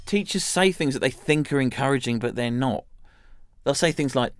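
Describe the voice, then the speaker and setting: A man giving a scripted monologue in a wry, deadpan, self-deprecating way. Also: mid-range voice, moderate pace, clear, resonant tone, no echo, clean studio sound.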